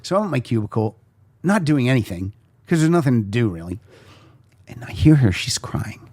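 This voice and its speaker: A man's voice: medium pitch, moderate pace, no echo. A man hosting a podcast, telling anecdotes in a casual chat and acting out the voices of the people in them. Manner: animated storyteller acting out the voices in his anecdotes. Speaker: podcast host.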